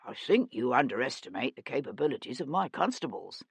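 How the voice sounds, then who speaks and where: A woman voicing a small, calm older magistrate who speaks slowly in a measured, plodding way. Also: extremely low pitch, gravelly, slightly rough, no echo, voice pushed down, full character voice. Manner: slow, measured, even calm.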